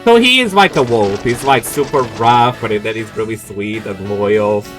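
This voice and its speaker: A man's voice: on the low side, expressive, normal speed, fairly bright tone, soft background music. A young man, a streamer, playfully joking and laughing through a game playthrough.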